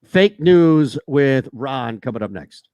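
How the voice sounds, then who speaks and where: A man's voice: medium pitch, animated, slow, darkish tone, clear, resonant tone, dry recording, dull audio. A man co-hosting a sports radio show, bantering casually and laughing often.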